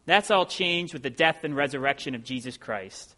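A man's voice: fairly high pitch, expressive, moderate pace, bright, forceful tone. A middle-aged male pastor preaching a sermon with earnest, rising emphasis on key phrases.

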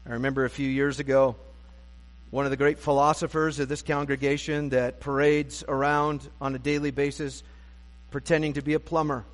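A pastor preaching a sermon to his congregation, conversational and self-deprecating with wry humor, recorded in a church sanctuary. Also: medium pitch. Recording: long reverb of a church sanctuary.

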